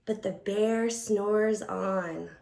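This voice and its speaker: A woman working as a children's librarian, reading a picture book aloud in a playful, expressive way. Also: mid-range voice, extremely slow, creaky. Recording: echoey room.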